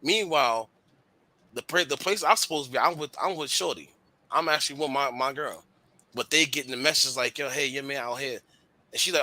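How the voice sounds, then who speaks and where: New guy on a radio show, slangy and blunt, really bright forceful tone. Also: medium pitch, fairly quick, no echo. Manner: candid, slangy, animated storytelling. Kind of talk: casual chat.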